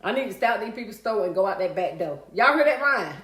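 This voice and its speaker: A woman's voice: mid-range voice, lively intonation, fast, fairly bright tone. A woman hosting a casual livestream, chatting with viewers and reading out their comments in a folksy way. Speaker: livestream host. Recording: echoey room.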